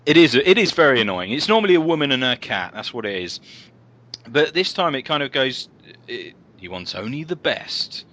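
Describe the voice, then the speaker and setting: A man's voice: mid-range voice, very animated, a little fast, a bit bright. A man co-hosting a comedy podcast, telling rambling stories in casual chat with lots of fillers and restarts. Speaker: podcast co-host.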